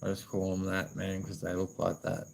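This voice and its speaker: A man's voice: deep voice, completely flat delivery, normal speed, creaky, a little mellow, slight background noise, low-quality recording. A man with an Australian accent chatting casually to camera in a laid-back way, swearing freely and saying "you know what I mean" a lot. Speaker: vlogger.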